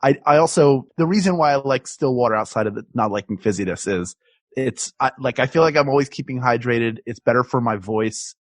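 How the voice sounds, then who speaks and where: A man's voice: mid-range voice, a little fast, no echo. A man co-hosting a comedy podcast from his home, talking in a rambling, self-interrupting way and laughing often. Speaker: podcast co-host. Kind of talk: casual chat. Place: his home, recording remotely.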